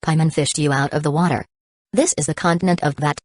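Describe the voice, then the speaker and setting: A woman's voice: low voice, fairly even intonation, fast, no room sound. A woman voicing a small floating fairy-like girl companion who proudly speaks of herself by name, in a storybook reading.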